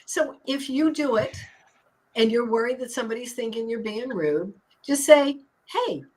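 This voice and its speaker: A woman's voice: a little high, moderate pace, darkish tone, low-quality recording. A woman talking as a hypnotist and stress coach on a talk show, upbeat and emphatic, explaining things like a teacher. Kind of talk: casual talk show chat.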